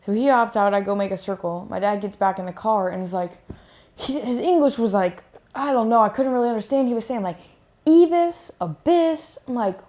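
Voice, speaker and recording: Chatty young woman telling a story. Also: fast talker. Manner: animated, acts out quotes in higher voice; many fillers, "like" and "I'm like". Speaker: pro beach volleyball player. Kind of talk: casual storytelling.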